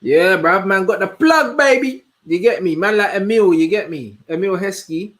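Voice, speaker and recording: A young man hosts a casual livestream chat in a slightly high voice. He's slangy and animated, answering chat with quick asides.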